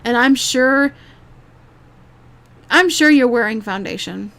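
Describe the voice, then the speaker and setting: A woman's voice: fairly high pitch, slow, a bit bright. A woman YouTuber giving a rambling, exasperated reaction commentary, swearing freely and restarting her sentences often.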